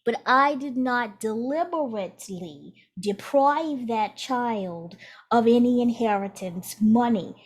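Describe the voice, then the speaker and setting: A woman's voice: a little high, slow, pitched above the performer's own voice. A woman voicing a defensive, rambling old male ancestor spirit in a tabletop game.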